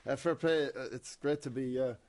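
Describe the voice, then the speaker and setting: Easygoing Irish radio guest presenter. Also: male voice, mid-range voice, normal speed, crowd noise. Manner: easygoing, hesitant with fillers. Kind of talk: casual radio banter. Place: radio studio.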